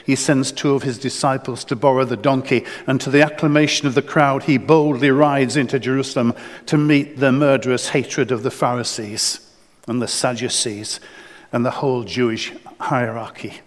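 A man's voice: mid-range voice, steady tone, normal speed. A man preaching a sermon in earnest, often repeating words and restarting phrases. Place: church. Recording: long church reverb.

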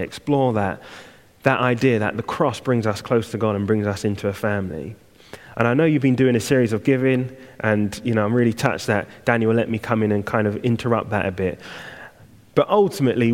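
A man preaches to a church congregation, talking it through plainly and turning now and then to a wry aside. His voice sits at an ordinary middle pitch. A long reverb hangs after each phrase, as in a large church. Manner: conversational, self-deprecating asides. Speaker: guest preacher. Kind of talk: sermon.

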